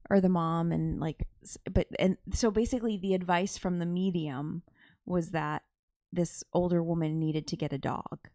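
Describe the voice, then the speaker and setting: A woman with a lowish, gravelly voice chatting casually as a podcast co-host. She is blunt and wry and swears without hesitation. The sound is dry and close. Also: steady tone, normal speed, dark tone, dry recording. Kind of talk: casual chat.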